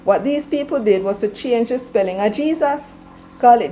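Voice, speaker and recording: Forceful Jamaican woman, warm low voice. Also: animated, normal speed, slight background noise, rough recording. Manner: forceful, preachy, mixes in patois. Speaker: commentator. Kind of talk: opinionated political commentary.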